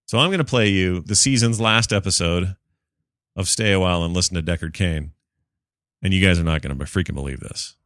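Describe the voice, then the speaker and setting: Excitable male podcast host, low voice. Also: fairly quick, no room sound, clean studio sound. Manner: excitable, joking. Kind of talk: casual podcast chat.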